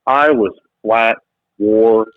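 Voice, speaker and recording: A man, a business founder and podcast guest, telling a story in lively conversation and acting out quotes in different voices. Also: fairly low pitch, extremely slow, clean tone, no echo. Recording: tinny phone-like line, dry.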